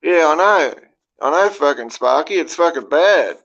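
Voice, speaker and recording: A man's voice: fairly high pitch, animated, normal speed, gravelly, a bit bright, lo-fi sound. An Australian man hosting a livestream, telling prison stories to his chat in a rambling, foul-mouthed way and constantly tagging his sentences with "right?". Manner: heavy swearing, rambling, keeps checking in with "right?". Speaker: livestream host. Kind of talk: casual storytelling to a live chat.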